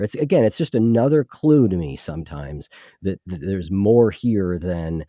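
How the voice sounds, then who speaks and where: Low mellow guy hosting a podcast, thinking out loud, lots of restarts, dry close sound. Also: animated, normal speed, no echo. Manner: thoughtful, with frequent restarts and "you know". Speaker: podcast host. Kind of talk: casual interview chat.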